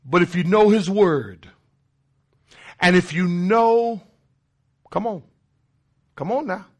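Man preaching, very high voice, slow deliberate delivery, shouts then murmurs, repeats words for emphasis. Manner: emphatic, swings from loud shouts to low murmurs. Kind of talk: call-and-response sermon.

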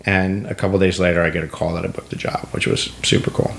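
A middle-aged man with a very deep voice tells a long story in a relaxed, conversational way. He slips into quoted dialogue as he goes and acts out each person he describes. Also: fast talker, vocal fry, a little hiss or hum. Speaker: guest actor. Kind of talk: casual storytelling.

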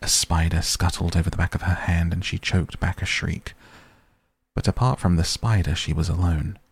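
A man reading a story aloud in a slow, grave, measured way, with a gravelly voice. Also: little pitch movement, no room sound. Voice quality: deep, gravelly, husky voice. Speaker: narrator. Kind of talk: audiobook narration.

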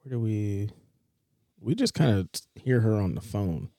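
Man, low voice, dry sound, casual podcast chat, reads script lines. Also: lively intonation, moderate pace, mellow, no room sound. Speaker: podcast co-host.

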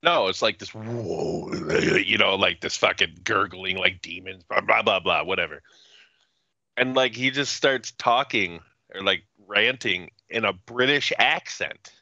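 A man rants through a casual podcast chat, profane and animated. His voice is bright and forceful. The sound is dry and slightly muffled. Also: lowish voice, measured pace, no echo. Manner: profane, ranting, animated storytelling. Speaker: podcast co-host.

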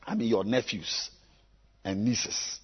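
A man preaching a sermon to his congregation, emphatic and repetitive, with sudden loud bursts. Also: lowish voice, steady tone, slow, slightly rough. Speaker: pastor. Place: church. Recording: echoey church hall, dull lo-fi sound.

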